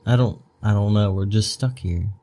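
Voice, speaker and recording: A man's voice: on the low side, moderate pace, dark tone. A young man playing a tabletop game, chatting in an easygoing, joking way. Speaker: player. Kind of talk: casual game chat.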